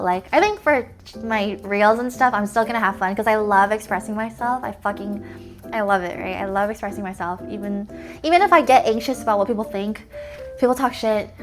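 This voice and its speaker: A woman's voice: mid-range voice, a little fast. A young woman streamer chatting casually with her viewers, full of "like" fillers and the odd swear, and she sounds tired. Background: faint music.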